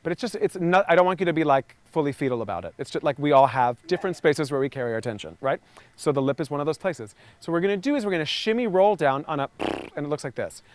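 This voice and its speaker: A man coaching a group outdoors through a vocal warm-up. He is encouraging and energetic, and he calls out sounds loudly. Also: on the high side, quick pace, a little hiss or hum. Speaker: voice and communication coach. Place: outdoors near trees and a lake.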